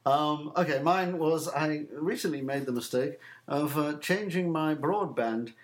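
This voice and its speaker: A man's voice: a little high, measured pace. A man on a casual talk show, telling a story with swearing and laughter. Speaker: co-host. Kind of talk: casual chat.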